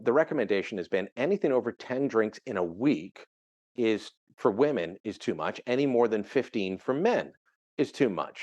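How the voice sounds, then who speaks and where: A middle-aged man from Canada talks through the news in a lively, conversational way. His pitch rises and falls a lot, and he slips into quick impressions of the people he quotes. It sounds like a relaxed interview segment. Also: dry recording, highs cut off. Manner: animated, conversational, mimics quoted voices. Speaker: political contributor.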